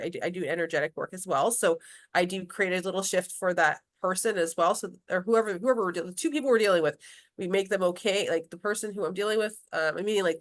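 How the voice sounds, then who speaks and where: A woman who works as a grief specialist, talking casually in an interview with many restarts, fillers and laughs. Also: fairly low pitch.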